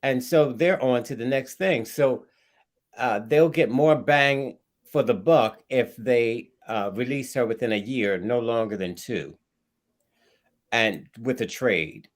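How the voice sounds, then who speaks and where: A man's voice: mid-range voice, slow pace. A man on a talk panel, making his points emphatically with frequent ums. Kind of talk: casual debate.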